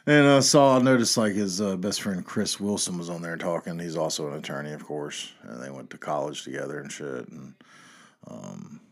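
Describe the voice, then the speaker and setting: A man with a Southern accent talks alone into his podcast mic in a loose, meandering chat. His voice sits very low. He swears often and stalls on fillers as he drifts from one thought to the next. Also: normal speed. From American South. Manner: rambling, profane, lots of fillers. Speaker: podcast host. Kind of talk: casual solo podcast ramble.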